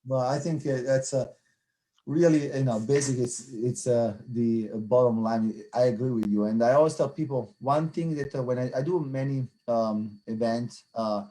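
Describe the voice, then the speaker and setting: A man hosts a casual wine chat. He talks haltingly, full of fillers and restarts, at an average pitch for a man. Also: dark tone. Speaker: wine interviewer, host. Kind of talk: casual video interview. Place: Florida.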